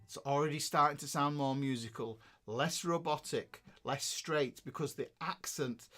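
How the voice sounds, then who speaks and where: A man's voice: a little high, moderate pace. A middle-aged man with a Northern English accent teaching guitar on a live stream, chatty, often correcting himself and checking in with his viewers.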